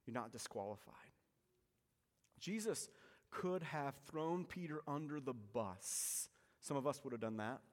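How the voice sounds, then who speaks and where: Preaching man in a reverberant hall. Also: fairly high pitch. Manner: dramatic, varying loud emphasis and soft hushed lines. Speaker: pastor. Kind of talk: sermon.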